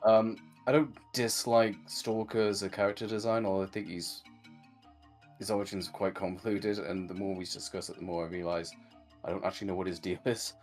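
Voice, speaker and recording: A man's voice: deep voice, little pitch movement, fairly quick, soft background music. A man co-hosting a casual review chat, rambling with lots of "like" and acting out lines he quotes. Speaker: podcast co-host reviewing a cartoon.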